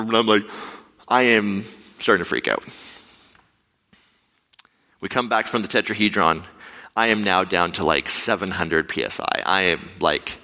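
Guy giving a storytelling sermon, super lively up and down voice, bright tone, big reverby hall. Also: normal speed, long pauses. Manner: animated, acts out quotes with big pitch jumps. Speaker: preacher. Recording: echoey hall with long reverb.

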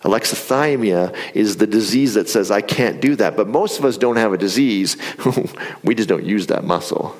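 A man preaching a sermon in a conversational, animated storytelling way. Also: fairly low pitch, moderate pace. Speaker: pastor. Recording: reverberant hall.

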